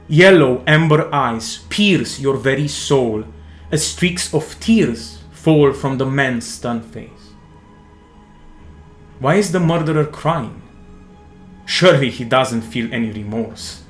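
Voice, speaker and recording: Man, game master, slow dramatic narration, echoey room. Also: medium pitch, expressive, soft background music.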